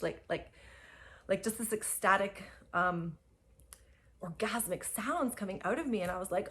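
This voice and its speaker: A young adult woman telling a personal spiritual story, emphatic and full of fillers and soft laughs. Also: mid-range voice, moderate pace. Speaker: spiritual guide.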